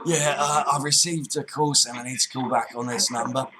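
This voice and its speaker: A man's voice: medium pitch, fairly even intonation, a little fast, noisy background, lightly acted. A man voicing a pushy, cheeky Cockney geezer on a prank phone call, impatient and bossy as he spells things out. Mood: indignant.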